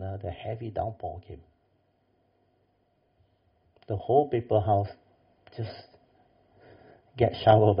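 An older man, telling a lively story in a dharma talk and acting out the people in it. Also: fairly low pitch, husky. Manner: animated storyteller, acts out quoted voices. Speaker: Buddhist meditation teacher. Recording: dull lo-fi class recording.

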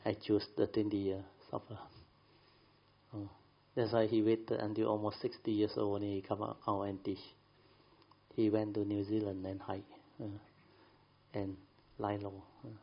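A man's voice: fairly low pitch, creaky, breathy edge, dull audio. A man telling a rambling story to a group, with many fillers and colloquial grammar. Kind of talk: casual storytelling.

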